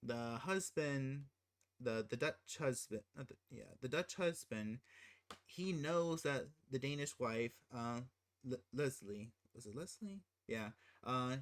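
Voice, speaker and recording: Casual film rant, exasperated, rambling, restarts, incredulous host. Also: mid-range voice. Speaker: channel host.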